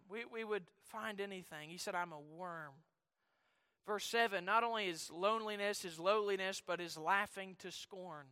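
Male preacher, high and piercingly bright, smooth tone; alternates shouting peaks with hushed scripture reading. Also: moderate pace, in a large hall. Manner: swings between loud shouted passages and quiet, low-voiced reflection; reads scripture in old-fashioned Bible phrasing. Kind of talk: sermon.

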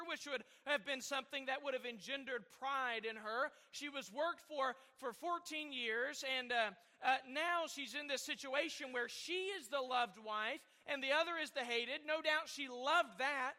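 A man's voice: extremely high pitch, bright, forceful tone, big-room sound. A man preaching a sermon, rambling at times and asking the congregation questions. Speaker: pastor.

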